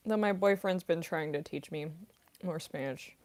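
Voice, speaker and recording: A woman's voice: low voice, measured pace, a little mellow. A young woman, a voice actress and singer, answering viewer questions in a rambling, casual livestream chat full of fillers and giggles.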